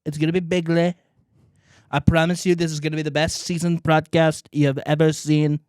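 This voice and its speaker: A man's voice: on the high side, level tone, fairly quick, darkish tone, clean tone, dry recording, clean studio sound, close to an everyday voice. A man doing a boastful impression of a famous male politician, repeating big words in a podcast. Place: small room, podcast setup.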